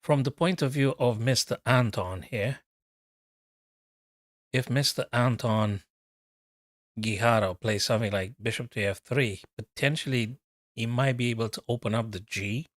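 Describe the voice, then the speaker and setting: A man's voice: medium pitch, a little slow, pauses often, dry recording, clean studio sound. A man, a chess coach, giving casual live commentary on a game, chatty and thinking aloud as he talks to his viewers.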